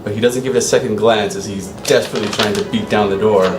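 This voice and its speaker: A man's voice: lowish voice, fairly even intonation, quick pace. A man runs a tabletop game as dungeon master, telling the scene in a loose, rambling way that doubles back on itself. He sits in a roomy, echoey space. Faint music plays underneath him. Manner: loose, rambling narration with restarts.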